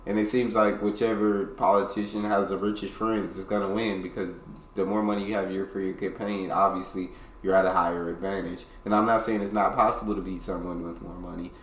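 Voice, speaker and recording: A low-pitched man gives casual, emphatic reaction commentary. He swings between loud points and quiet asides. His voice echoes around a bare room. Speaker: reaction video host.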